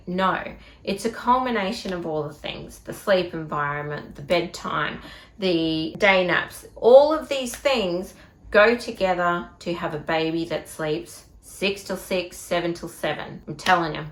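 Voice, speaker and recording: A woman's voice: lowish voice, animated, measured pace, slight background noise. An Australian woman giving parenting tips in a casual advice vlog, talking in a direct, emphatic, chatty way. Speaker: parenting vlogger. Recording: echoey room.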